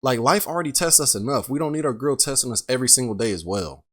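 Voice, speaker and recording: This man hosts a reaction show, talking quickly in a medium-pitched, slightly bright voice. He tosses off blunt, casual commentary on a clip, packed with rhetorical questions.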